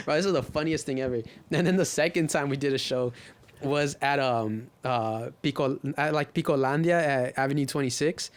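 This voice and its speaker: A man's voice: mid-range voice, fairly even intonation, normal speed, smooth. A man from the Inland Empire in California, a podcast guest telling stories loosely in casual chat, full of slang and swearing.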